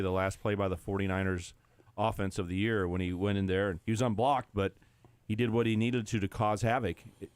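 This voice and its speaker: Low-voiced male football analyst. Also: darkish tone, clear, resonant tone, no room sound. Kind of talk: sports radio commentary.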